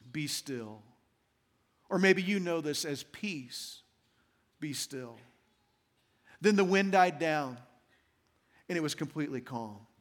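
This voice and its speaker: High-voiced pastor preaching in a hall. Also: male voice, a bit bright. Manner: storytelling, slows down for emphasis on scripture. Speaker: senior pastor. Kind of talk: Christmas sermon. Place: large church auditorium. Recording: reverberant church hall.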